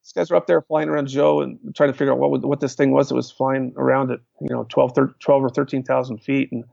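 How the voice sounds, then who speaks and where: A man's voice: mid-range voice, flat delivery, quick pace, creaky, mellow, no echo. A man guest telling long casual stories in a rambling way, often restarting his sentences. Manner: rambling, with many restarts and fillers. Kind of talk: casual storytelling. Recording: dull, lo-fi sound.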